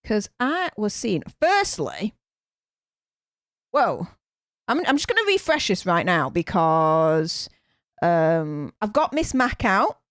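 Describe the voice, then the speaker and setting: A woman's voice: mid-range voice, slow, pauses often, no echo, studio quality. A woman with a Northern English accent hosting a live stream from a home room, chatting and gushing with thanks, full of fillers. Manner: gushing, excitable, many fillers. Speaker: livestream host. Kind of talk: live reaction stream chat.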